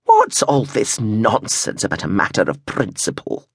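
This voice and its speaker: A male audiobook narrator voicing a fierce, sharp-tongued old grandmother in a wheelchair, blunt and probing, with a husky tone. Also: lowish voice, wildly swooping pitch, no room sound, studio quality, heavily acted. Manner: blunt and probing, slow deliberate delivery. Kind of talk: audiobook character voice.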